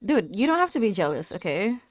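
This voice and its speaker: Reaction host, young woman, animated and talkative, answers the screen, dry close sound. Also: mid-range voice, fairly quick, no room sound. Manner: chatty, exclaims and laughs, talks back at the screen. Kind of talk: casual reaction commentary.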